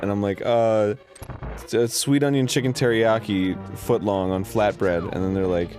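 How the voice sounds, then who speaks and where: A man's voice: fairly low pitch, fairly quick, darkish tone, faint music behind. A man co-hosting a comedic chat, rambling and swearing as he rants about everyday annoyances. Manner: rambling, profane, exasperated ranting. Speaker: podcast co-host.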